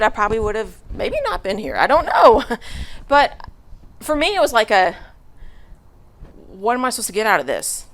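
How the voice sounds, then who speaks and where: Her voice is a little high and fairly bright as this middle-aged woman shares a casual story with her church congregation. She chats through it with laughs, filler words and the occasional restart.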